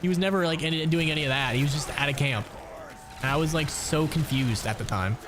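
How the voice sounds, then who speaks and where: A man's voice: a little high, brisk. A man in his twenties, a gaming streamer, chatting casually during gameplay, rambling and swearing a lot with frequent laughs. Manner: rambling, profane, laughs often. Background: background music.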